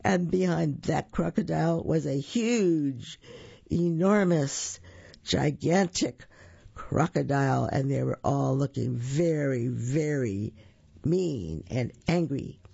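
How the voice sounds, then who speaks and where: Storybook reader, very slow and gravelly, dull lo-fi dry recording. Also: medium pitch, lively intonation, dark tone, no room sound. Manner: slow, drawn-out storytelling with sound effects. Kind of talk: reading a children's picture book aloud.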